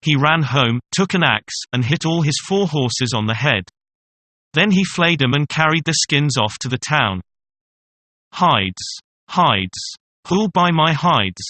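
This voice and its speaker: A man narrating a fairy tale in a measured, even storytelling manner. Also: a little high, no room sound.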